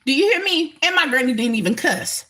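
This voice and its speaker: A woman's voice: high voice, lively intonation, brisk, sharp tone. A woman talking emphatically and bluntly to her viewers in a casual spiritual livestream, swearing freely. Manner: emphatic, profane, talks straight to viewers.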